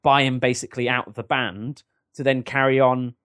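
Dude rambling on a podcast, mid voice, restarts a lot, dead dry sound. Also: male voice, medium pitch, little pitch movement, normal speed, a bit bright, clean tone, no echo. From England. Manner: rambling, joking, many restarts. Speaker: podcast co-host. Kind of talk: casual advice-show chat.

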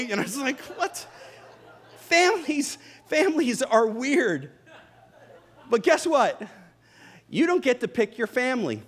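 Preaching a sermon in church before a live audience, a middle-aged pastor speaks in an extremely high pitch at a measured pace, pausing often. He's animated, joking with the congregation and telling funny stories about his family.

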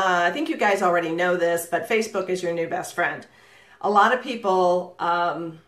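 A middle-aged woman leads a live coaching session with plenty of vocal inflection and bright energy, breaking into easy laughter. Her voice sits at an ordinary pitch for a woman. The sound carries a roomy echo, as if picked up over a video call. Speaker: real estate marketing coach.

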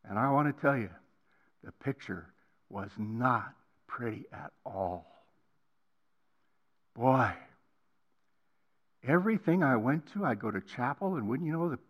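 An older man preaching a personal testimony on a college campus, swinging between hushed passages and loud emphatic ones. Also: medium pitch. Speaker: guest preacher.

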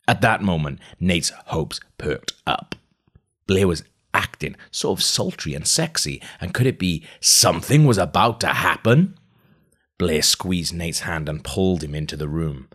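A man casually reading a novel aloud, chatty and amused, breaking off to react to the story. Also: sits low. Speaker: reader of a novel. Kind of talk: casual read-aloud with asides.

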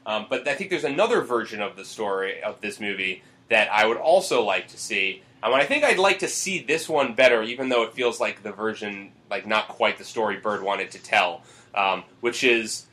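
Rambling, bright-voiced podcast host man. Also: fairly low pitch, animated, normal speed. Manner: rambling, profane, full of fillers. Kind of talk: casual movie chat.

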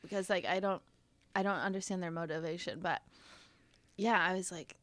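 A woman's voice: lowish voice, fairly even intonation, moderate pace, a bit bright, dry recording. A woman in her thirties, a little congested, telling a story in casual chat with lots of fillers and laughter. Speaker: podcast guest.

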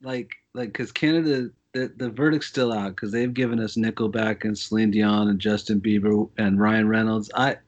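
A man's voice: on the low side, steady tone, moderate pace, few pauses, highs cut off. A man who is a school teacher and musician, a guest in a casual podcast chat, talking with sarcastic emphasis.

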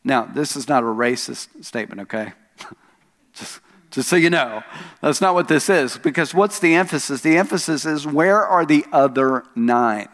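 A man pastor preaching a sermon, telling a story with rising emphasis on key lines and soft asides. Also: a little high, normal speed. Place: church sanctuary. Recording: long hall reverb.

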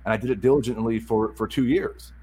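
A man candidly telling a personal story, halting and repeating words as he restarts his sentences. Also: mid-range voice, fairly even intonation, mellow, slight background noise, poor audio.

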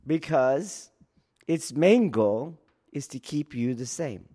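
A man, a police academy instructor, explaining training in a casual teaching talk, checking in often with his listeners and acting out loud shouts. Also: medium pitch, lively intonation, slow pace, husky. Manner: keeps checking in with "do you see?"; acts out trainees and yelling officers in sudden loud bursts.

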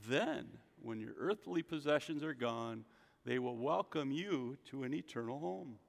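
A man with a medium-pitched, expressive voice and vocal fry preaches unhurriedly in an echoey hall. The pastor's casual sermon is conversational, and he calls for the congregation to repeat after him.

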